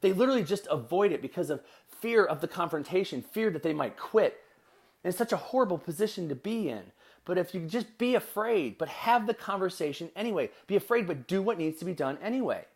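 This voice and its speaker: A man's voice: high voice, lively intonation, brisk. A middle-aged man tells a family story in a casual, earnest way and speaks straight to his listeners as a podcast host.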